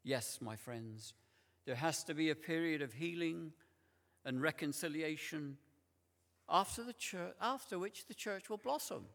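Slow preacher in echoing church. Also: male voice, fairly high pitch, lively intonation, gravelly, a bit bright. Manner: slow, deliberate preaching with emphatic repeated words. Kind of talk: sermon. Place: large church. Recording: long church reverb.

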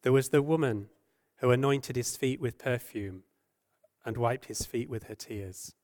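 A man preaching a sermon, earnest and gentle, asking rhetorical questions and dropping his voice and slowing down when he quotes scripture. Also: mid-range voice. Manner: softens and slows when quoting scripture.

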